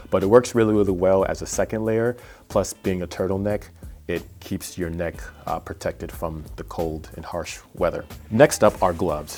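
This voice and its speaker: A man's voice: low voice, darkish tone. A man hosting a cycling vlog, chatting through a casual gear review in a rambling, self-deprecating way with plenty of fillers. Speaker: cycling vlogger.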